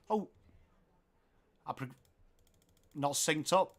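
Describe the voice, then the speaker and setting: A man's voice: fairly high pitch, slow, long pauses. A man with an English accent hosting a live football watchalong, commentating on play and chatting to viewers in the comments. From England. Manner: chatty, reads viewer comments aloud, gets excited at goals. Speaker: livestream watchalong host.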